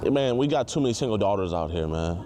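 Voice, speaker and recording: Fast, lively male interviewer. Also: on the low side, noisy background. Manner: pressing, earnest questioning. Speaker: interviewer confronting someone. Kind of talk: confrontational street interview.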